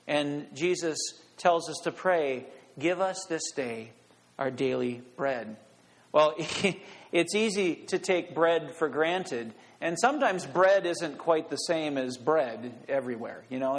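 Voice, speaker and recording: Storytelling Midwestern pastor in a reverberant church. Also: male voice, fairly high pitch. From Minnesota. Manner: conversational storytelling, light humor. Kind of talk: sermon. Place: church sanctuary.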